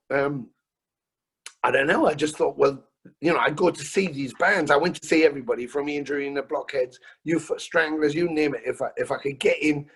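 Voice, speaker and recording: Husky middle-aged man telling stories. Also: a little high. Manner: animated, swears freely, stumbles and restarts. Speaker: musician guest. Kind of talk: casual storytelling interview. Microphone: video call.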